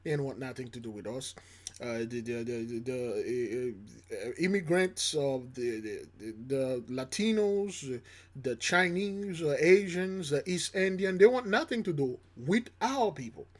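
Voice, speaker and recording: A man hosting his own channel, giving preachy reaction commentary, emphatic and repetitive, swinging between loud and soft. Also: mid-range voice, animated, measured pace. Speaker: channel host.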